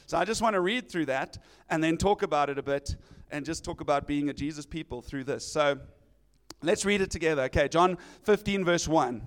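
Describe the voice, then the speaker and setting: A man with a high voice preaching a sermon. He talks in a lively, conversational way and acts out the people he quotes in his own voice. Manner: animated, acting out quoted voices.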